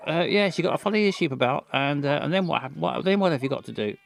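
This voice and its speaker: A man's voice: a little high, lively intonation, fast, gravelly. A man doing a mock street interview outdoors, firing blunt, stammering questions. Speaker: comedy interviewer. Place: outdoors in a field.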